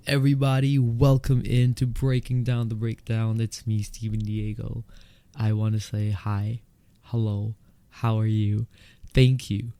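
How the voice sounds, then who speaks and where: A young podcast host with a lisp, more pronounced when his retainers are in, delivers a solo monologue filmed on camera indoors. He is excitable and candid, laughing and tossing in quick asides. His voice is fairly low and smooth, with no echo.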